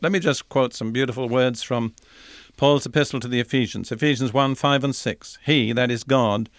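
A man giving a recorded Bible teaching in an earnest, measured way, reading scripture passages aloud between his own remarks. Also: mid-range voice, no echo, studio quality.

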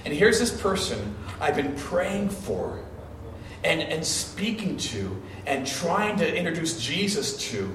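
Slowly and very animatedly, a man with a slightly high, somewhat bright voice preaches as pastor, storytelling conversationally with restarts and repeated phrases. The audio comes from a distance in an echoey hall, with faint noise.

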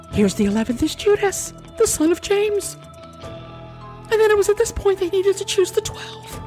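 A woman's voice: very high-pitched, big pitch swings, normal speed, mellow, faint music behind. A woman reading Bible verses aloud as a commentary host and breaking off into sarcastic, exclamatory asides.

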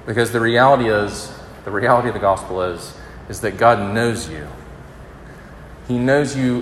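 A man preaching in a big, roomy hall where his low voice rings out with a long echo. He talks to students in a conversational way, pressing hard on key points, then easing down soft and gentle. A faint hum of the room sits behind him. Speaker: campus minister. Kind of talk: sermon.

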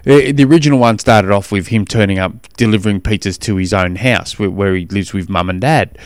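A man's voice: on the low side, dry recording. A man with an Australian accent hosts a podcast in casual chat. He rambles along with frequent restarts. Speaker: podcast host.

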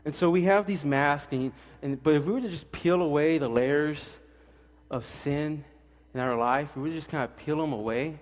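A man preaching a casual, joking sermon as pastor, acting out quick voices to make his points. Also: a little high. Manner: animated, jokey, acts out quick voices. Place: church sanctuary. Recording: church hall with long reverb.

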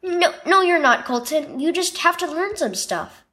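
A woman voicing an older brother in a children's story, speaking quickly and earnestly. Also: very high voice, very animated, bright, forceful tone, voice pushed up, full character voice. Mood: apologetic. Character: older brother, a boy babysitting.

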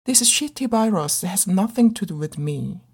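A middle-aged woman actor performing a dramatic monologue in an earnest, pleading, measured way. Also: mid-range voice, expressive, darkish tone, husky. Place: living abroad as a migrant in a big city.

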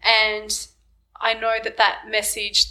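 A woman co-hosting a podcast in casual chat, frank and quick to laugh. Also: medium pitch, monotone, sharp tone, poor audio. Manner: frank, laughs easily, swears in quotes. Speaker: podcast co-host.

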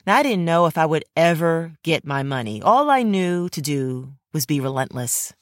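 A woman's voice: low voice, expressive, moderate pace, dry recording, studio quality. A woman, an actor and podcast host, telling a personal story in earnest, indignant first-person narration and speaking straight to fellow actors. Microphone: close studio mic.

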